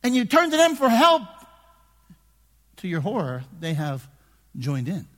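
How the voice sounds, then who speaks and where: A man preaching a sermon in a conversational way, dropping to hushed asides and rising to shouted emphasis. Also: sits high, wildly swooping pitch, measured pace, in a large hall. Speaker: pastor.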